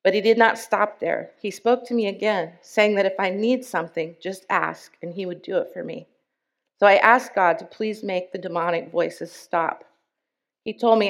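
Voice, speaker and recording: Speaking at a church service, this medium-pitched woman reads out a congregant's testimony in an earnest, measured manner, pausing for emphasis.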